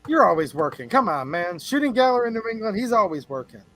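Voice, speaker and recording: A man's voice: high-pitched, sing-song, fast talker, a bit bright, no echo, poor audio. A man hosting a casual livestream, chatting with viewers and greeting them by name in a rambling, joking way. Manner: chatty, rambling, jokes with chat. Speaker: livestream host.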